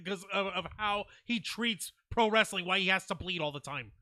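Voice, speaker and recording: High, bright, excitable man swearing freely. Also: normal speed, dry recording. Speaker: wrestling show co-host. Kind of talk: casual podcast chat.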